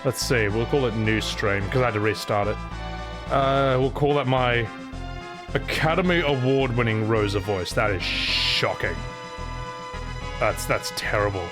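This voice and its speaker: A man's voice: mid-range voice, unhurried, music in the background. A man streaming a game playthrough, joking and mocking his own voice work. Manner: joking, self-deprecating. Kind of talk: casual gameplay commentary.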